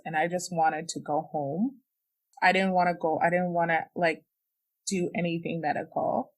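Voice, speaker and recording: A woman's voice: on the low side, fairly even intonation, moderate pace. A young woman, a podcast guest, frankly and emotionally recounting a personal experience, with many "like"s and "you know"s. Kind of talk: candid personal storytelling.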